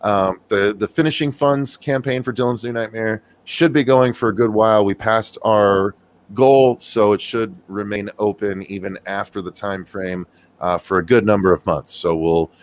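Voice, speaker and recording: A man's voice: on the low side, fairly even intonation, normal speed. A man hosting a casual livestream, bantering and joking with profanity. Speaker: host.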